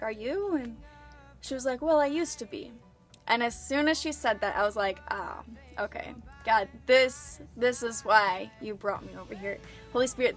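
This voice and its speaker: A young woman vlogger telling a personal story in a chatty, earnest way, full of filler words. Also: a little high. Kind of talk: casual storytelling.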